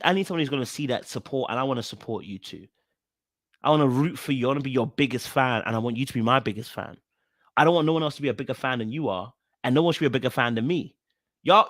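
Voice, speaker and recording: A man giving casual commentary on a reality show, animated and full of fillers and restarts as he repeats his points. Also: on the high side, no echo, clean studio sound. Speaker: reaction video host.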